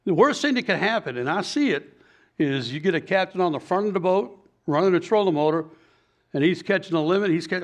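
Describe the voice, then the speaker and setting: A man's voice: high voice, lively intonation, a little fast. A middle-aged man, a fishing guide giving blunt, folksy advice and telling stories in a casual talk.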